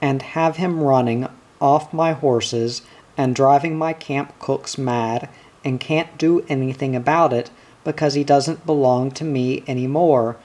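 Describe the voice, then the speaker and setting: A man's voice: mid-range voice, fairly even intonation, measured pace, a little mellow, lightly acted. A man reading the lines of a blustering, growling cattle boss in a storybook reading. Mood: gruff. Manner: growling, snappish, bossy.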